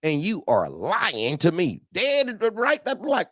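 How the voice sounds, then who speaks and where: A man hosting a casual talk show about trucking, blunt and animated, talking in street slang and often laughing. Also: sits high, unhurried, few pauses, no echo, studio quality.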